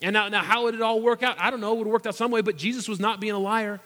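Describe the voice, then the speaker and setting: A man's voice: sits high, fairly even intonation, rapid-fire, pushed and bright. A man preaching a sermon as pastor, earnest and emphatic, firing off rhetorical questions. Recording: echoey hall reverb.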